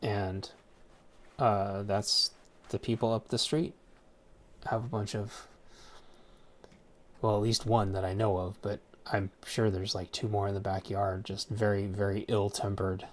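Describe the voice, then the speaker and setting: A man with a slightly low voice talks in a loose, rambling rant. He swears freely and stumbles through repeated words and restarts, circling back to his points. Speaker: streamer. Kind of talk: casual rant.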